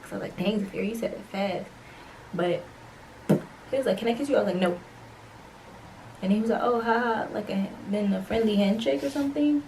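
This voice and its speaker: A young woman vlogger telling a storytime tale casually, acting out the dialogue with slangy, animated delivery. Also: medium pitch, a little fast, creaky, pauses often, far from the mic, a little hiss or hum, low-quality recording.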